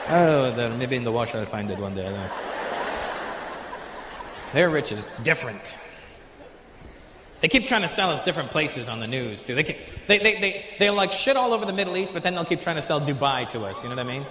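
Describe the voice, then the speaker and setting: Teasing stand-up comic in echoey theater. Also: male voice, a little high, very animated, a little fast, pauses often. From Canada. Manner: loud, teasing, punchy delivery with comic voices. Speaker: stand-up comedian. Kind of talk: stand-up crowd work. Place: large theater stage. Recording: echoey live venue with loud crowd noise.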